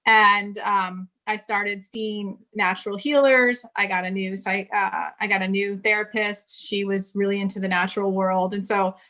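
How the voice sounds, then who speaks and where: Woman in her 40s from California, interview guest, bright and forceful tone, recounts her past frankly. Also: medium pitch, little pitch movement, moderate pace, hardly any pauses. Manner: candid storytelling, quotes others in dialogue. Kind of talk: casual interview conversation.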